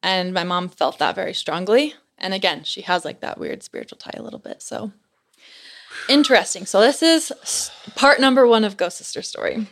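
A woman's voice: mid-range voice, moderate pace. Chatty young woman telling a story. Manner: chatty, peppers speech with "like". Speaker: podcast guest. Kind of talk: casual storytelling.

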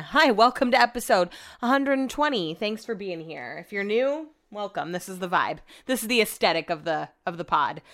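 A woman's voice: mid-range voice, fairly bright tone. A young adult woman hosting a podcast from home, telling rambling everyday stories and swearing freely. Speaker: podcast host. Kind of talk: casual chat. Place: home, upstairs room.

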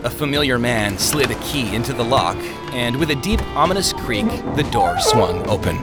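A man narrating a story in an expressive storytelling style. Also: medium pitch, moderate pace, over loud music. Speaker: audiobook narrator. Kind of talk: scripted narration.

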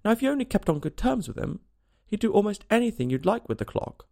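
Rude riddling hatter guy, snappy, gravelly voice, man doing it. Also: high-pitched, big pitch swings, quick pace, darkish tone, voice pushed up, full character voice. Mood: brusque. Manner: abrupt and contemptuous.

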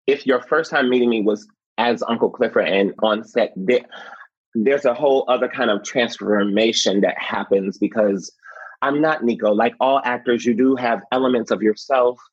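Male actor guest, husky low voice, animated storyteller; dry, slightly muffled recording. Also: normal speed, no echo. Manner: expressive, laughs often, acts out quotes.

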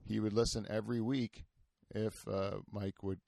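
A man's voice: on the low side, flat delivery, moderate pace, vocal fry, dark tone. A man hosting a podcast in casual, rambling chat, full of fillers, restarts and swearing. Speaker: podcast host.

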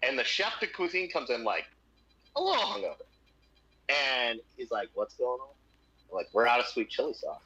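A man in his thirties chatting casually on a podcast, telling profane, animated anecdotes with quoted voices. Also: mid-range voice, moderate pace, a little hiss or hum. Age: 30s. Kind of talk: casual chat, storytelling. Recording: dull lo-fi audio.

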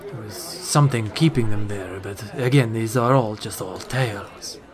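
A man narrating a tabletop game as game master, talking in halting bursts. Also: fairly low pitch, a faint crowd. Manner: halting, many fillers and restarts.

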